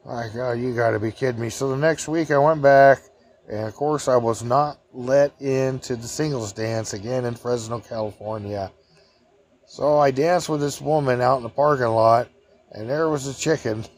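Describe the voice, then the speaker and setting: A man telling meandering anecdotes in a chatty, casual way. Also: mid-range voice. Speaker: vlogger. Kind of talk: rambling storytelling.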